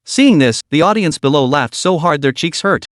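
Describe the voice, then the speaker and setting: A man's voice: fairly high pitch, expressive, moderate pace, no room sound, studio quality. A man narrating a comic story recap in a scripted storytelling style, voicing every character himself.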